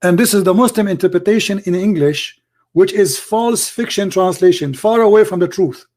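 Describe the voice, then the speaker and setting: A man with a hoarse, worn-out voice leads a live religious polemic stream. His voice sits a bit high, and he speaks in emphatic, non-native English, piling up rhetorical questions. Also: moderate pace, darkish tone. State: hoarse, voice nearly gone. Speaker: livestream debate host.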